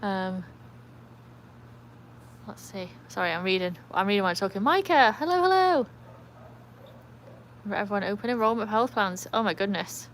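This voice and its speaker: An English woman chats her way through a casual live stream, rambling easily from one thought to the next. She pauses to read viewer comments aloud, and her voice sits at an ordinary middle pitch. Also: level tone, slight background noise. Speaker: livestream host with a trick dog.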